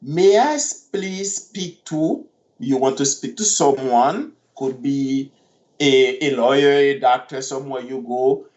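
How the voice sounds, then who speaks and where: Slow, careful man teaching phrases. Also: medium pitch, expressive, a little mellow, reverberant. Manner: repeats phrases slowly, syllable by syllable. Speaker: language teacher. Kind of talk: slow language lesson, modeling pronunciation. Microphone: computer mic on a video call. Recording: dull lo-fi online class audio.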